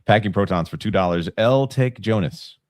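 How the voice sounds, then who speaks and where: A man's voice: moderate pace, no echo, studio quality. A man on a casual panel chat who talks in an easygoing way. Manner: easygoing, animated swings in pitch.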